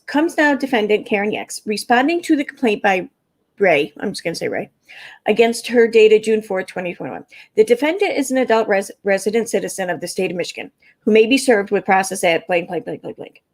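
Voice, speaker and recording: Her voice is gravelly and medium in pitch, with a Midwestern American accent. As host of a casual livestream, she wanders from topic to topic, swears, and chats back to her audience.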